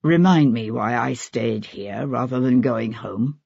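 A reader voicing a tired young gentleman who grumbles wearily, in an audiobook. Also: mid-range voice, unhurried, creaky, breathy edge, no room sound, voice pushed down, full character voice. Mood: weary. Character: weary, rumpled young gentleman. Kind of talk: audiobook character voice. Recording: dull lo-fi audiobook recording.

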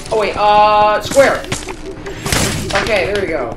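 A woman giving let's play commentary as a gamer, excitable and reacting aloud to every surprise. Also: mid-range voice, takes it slowly. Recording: roomy, distant mic with game music.

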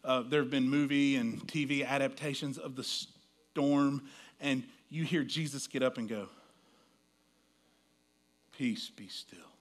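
A man preaching a sermon as pastor, folksy and storytelling, dropping to a hush and rising to loud quoted lines. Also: medium pitch, fairly even intonation, normal speed.

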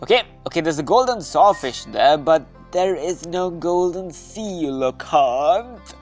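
A man narrating his gameplay at an unhurried pace, voice rising and dipping with lively swings. He is playful and chatty, breaking into cheers and sing-song calls over faint music. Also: fairly high pitch. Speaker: gaming video host. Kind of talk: gameplay commentary.

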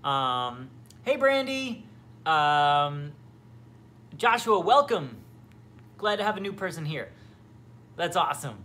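This young livestream host, at home by the kitchen fridge, reads and answers viewer comments in a rambling, casual way full of fillers and restarts. His high voice is very animated, bright and forceful, yet slow, with long pauses.

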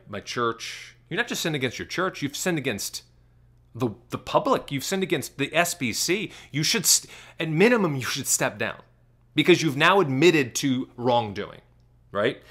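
A man giving commentary on a clip, asking sarcastic rapid-fire questions. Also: mid-range voice, lively intonation, a bit bright.

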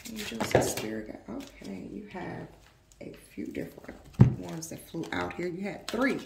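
A woman giving an intuitive tarot reading to her viewers, earnest and emotional, with slow, emphatic affirmations. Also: on the low side, big pitch swings, creaky, reverberant, a little hiss or hum. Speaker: tarot reader.

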